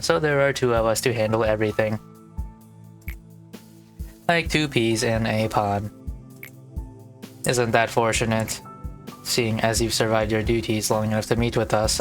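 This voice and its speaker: Brief: man doing cold twin officials, flat monotone delivery, mid-range pitch. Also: lightly acted. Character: aloof young twin department heads, blunt. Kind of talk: gaming let's play, reading dialogue.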